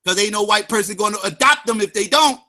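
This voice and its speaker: On his livestream, a male host launches into an angry, profane rant against people who opposed him, talking quickly in a high, hard-edged, forceful voice. He often shouts, slips into mocking sing-song taunts, and drives his points home by repeating the same phrase over and over.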